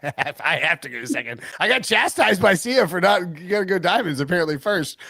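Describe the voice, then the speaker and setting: A man hosting a live sports betting stream, talking in a rambling, animated way and often cutting himself off. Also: on the high side, a little fast, no echo, clean studio sound. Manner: rambling, animated, self-interrupting. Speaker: host.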